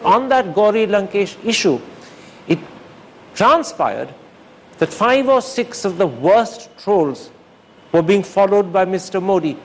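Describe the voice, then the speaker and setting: A man's voice: high voice, lively intonation, a little slow. An older man answering audience questions in formal, emphatic phrasing. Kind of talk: articulate public talk.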